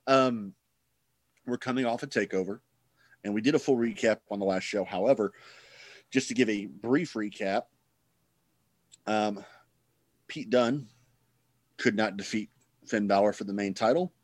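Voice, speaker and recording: Podcast co-host, male, lowish voice, rambling and gloomy, dry mic. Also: a little slow, pauses often, no echo. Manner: rambling, self-interrupting, gloomy. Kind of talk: casual chat.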